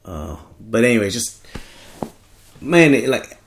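A man's voice: on the low side, very animated, slow pace. A man hosting a podcast in casual chat, joking and rambling, often trailing off while he hunts for words. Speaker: podcast host.

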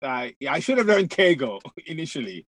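A man from Africa chatting casually in an animated way, often repeating words for emphasis. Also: fairly high pitch, brisk. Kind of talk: casual chat.

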